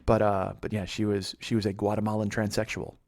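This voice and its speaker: A man's voice: on the low side, flat delivery, fairly quick, darkish tone. A man hosting a comedy podcast, telling a crude, rambling story with sarcastic asides. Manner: crude, sarcastic, jumps into silly voices.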